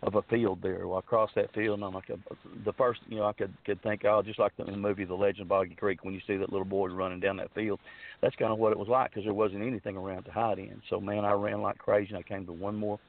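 A man on the low side, with a flat, creaky delivery, rushes through a long story about his life as a guest on a tinny phone line. He's earnest but rambling and casual, full of fillers and restarts.

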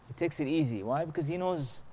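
This man teaches religion in a conversational way, patiently explaining and asking rhetorical questions while checking in with his audience, at times breaking into melodic Arabic recitation of verses. His voice is a little high, animated, a little fast and slightly mellow.

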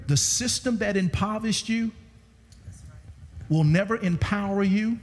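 A man preaching a sermon to a congregation with animated swings in pitch, recorded through a church sound system. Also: unhurried. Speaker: guest preacher. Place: church sanctuary. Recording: reverberant church hall.

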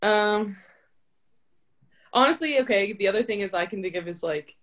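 Female guest, emphatic and quick to laugh, medium voice, casual banter. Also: medium pitch, animated. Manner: emphatic, laughs often, acts out her own thoughts. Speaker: volleyball player, podcast guest. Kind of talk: casual chat.

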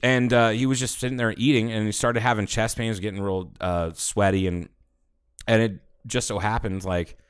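A man co-hosting a podcast, chatting casually and telling profane, animated stories while acting out the people he quotes. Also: on the low side, normal speed, smooth. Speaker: podcast co-host. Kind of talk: casual chat.

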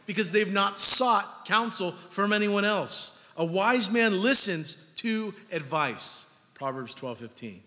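A man in his thirties preaching a sermon, animated and jokey, acting out little everyday scenes to make his points. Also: sits high, unhurried, few pauses. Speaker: pastor. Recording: long hall reverb.

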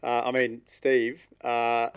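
A man's voice: medium pitch, monotone, slow, clean tone. A man co-hosting a casual comedy podcast, laughing often. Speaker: podcast co-host.

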